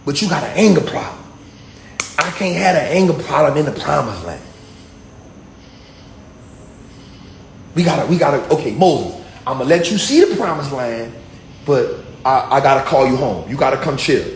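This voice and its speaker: A man doing a laid-back, stern God who gives slangy commands and keeps repeating himself. The voice sits lower than the man's own. It rings in an echoey room with a faint ambient hum behind it. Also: expressive, a little fast, creaky. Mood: calm. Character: God, calm stern fatherly male deity.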